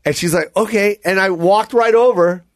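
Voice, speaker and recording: Animated storytelling man, dry close mic. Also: high-pitched, moderate pace, no echo. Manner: animated storyteller, many fillers, acts out voices. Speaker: comedian and podcast co-host. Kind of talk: casual storytelling chat.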